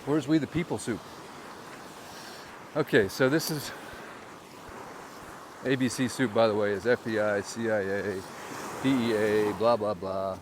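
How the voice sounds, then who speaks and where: Speaking at a measured pace with long pauses, a man with a fairly low voice records over a noisy background. He's a vlogger and real estate agent doing a shoreline walk-and-talk on a handheld gimbal camera, telling viewers bluntly how frustrated he is.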